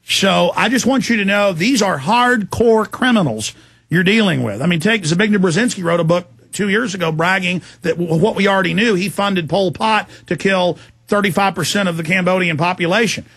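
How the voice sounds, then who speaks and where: A man's voice: sits high, moderate pace, gravelly, fairly bright tone, husky, dry recording. A man hosting a talk radio interview, speaking intensely and emphatically as he warns his guest. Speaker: radio show host.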